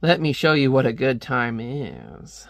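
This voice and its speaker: A man reading the lines of a smarmy, sinister young creep from a comic, in a slow, oily way. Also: mid-range voice, wildly swooping pitch, gravelly, dry recording, heavily acted.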